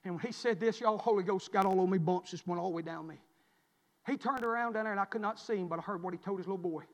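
A man preaching a sermon, swinging from quiet storytelling to shouted preaching. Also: high-pitched, very fast, long reverb tail. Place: church.

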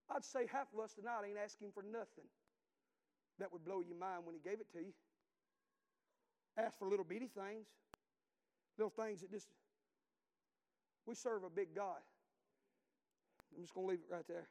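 Preacher man, middle aged, high pitched and folksy, fired up, long echo off the church hall. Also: fairly even intonation, fairly quick, long pauses, darkish tone. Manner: fervent, folksy preaching cadence with scripture read in old-style phrasing. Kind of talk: sermon.

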